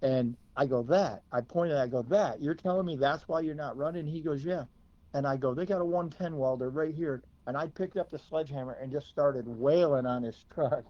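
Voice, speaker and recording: A monster truck driver telling long stories in casual chat, rambling and animated. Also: male voice, a little high, moderate pace, highs cut off.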